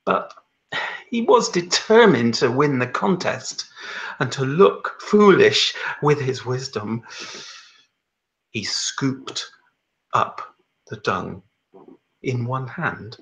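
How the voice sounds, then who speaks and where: Very slow, deliberate male storyteller. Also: mid-range voice, fairly bright tone, low-quality recording. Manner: measured, deliberate. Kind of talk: oral storytelling.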